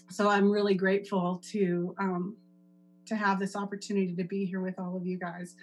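A woman's voice: medium pitch, level tone, normal speed, soft background music, poor audio. A woman in her forties giving a heartfelt, emotional talk at a recovery meeting from her home office over a video call. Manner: heartfelt, laughing through tears. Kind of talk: emotional personal sharing.

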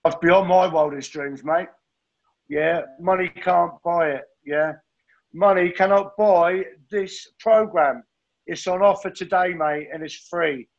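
Gravelly man sharing his recovery. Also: fairly high pitch, fairly even intonation, a little slow, highs cut off. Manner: earnest, heartfelt, peppers speech with "mate". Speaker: recovering addict sharing at a meeting. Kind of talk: personal testimony at a recovery meeting.

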